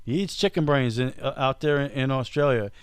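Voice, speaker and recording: A man's voice: mid-range voice, brisk, clear, resonant tone, no echo. A man hosting a casual comedy podcast, teasing his co-host and stringing out a story to build up the punchline.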